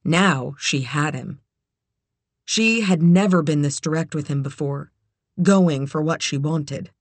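An audiobook narrator reading a novel in even, measured scripted narration. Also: medium pitch, no room sound.

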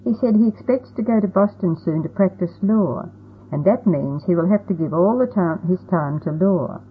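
A woman's voice: lowish voice, normal speed, a little hiss or hum, close to an everyday voice. Commanding old grandfather, as a woman reads him. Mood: explaining. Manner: commanding, firm. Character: stern, proud old colonial grandfather. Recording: tinny phone-like audio.

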